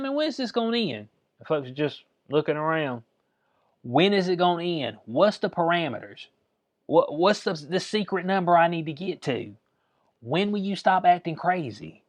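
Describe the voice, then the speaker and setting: A man's voice: fairly high pitch, no echo. Joking man, dry muffled mic. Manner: laid-back, joking, reads articles aloud. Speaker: commentary vlogger. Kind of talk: casual news commentary.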